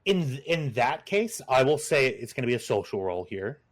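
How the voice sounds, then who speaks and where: A man's voice: mid-range voice, very animated, moderate pace. Hesitant man running a tabletop game. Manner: hesitant, many fillers and restarts, laughs easily. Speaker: game master.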